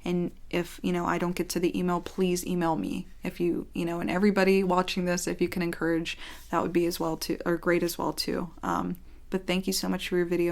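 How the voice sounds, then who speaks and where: A woman's voice: lowish voice, creaky. Young woman chatting into a close mic, reading fan letters, gushy and sweet, sometimes whispers. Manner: gushing and affectionate, slips into soft whispers. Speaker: ASMR channel host reading fan mail. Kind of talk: casual vlog chat, reading letters aloud.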